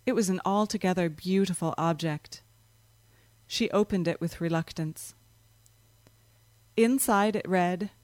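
A woman narrating a story in a calm, measured reading voice. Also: lowish voice, no room sound.

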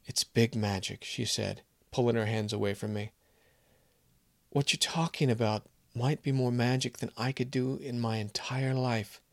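A man reads a short story aloud, his voice sitting at an ordinary middle pitch. He throws himself into the dialogue with strong emotion. The sound is dry and close, with no room around it. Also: fairly even intonation, moderate pace, gravelly, no room sound. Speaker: narrator. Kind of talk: scripted story narration.

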